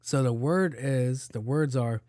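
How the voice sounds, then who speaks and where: Against a noisy background, a man with a medium-pitched voice talks at a measured pace on his own podcast. The solo chat is casual and rambling, full of free swearing and stumbles over tongue twisters.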